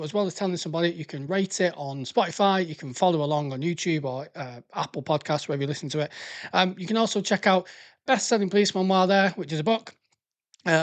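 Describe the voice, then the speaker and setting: A man with a Northwest English accent hosting a podcast, rambling along in a sweary, jokey, casual chat. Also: on the high side. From Northwest England. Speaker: podcast host.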